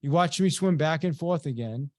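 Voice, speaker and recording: A man giving a webinar as a sales trainer, telling a motivational story with lively energy and acting out the dialogue as he goes. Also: on the high side, moderate pace, dry recording. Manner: animated storyteller who acts out quoted dialogue.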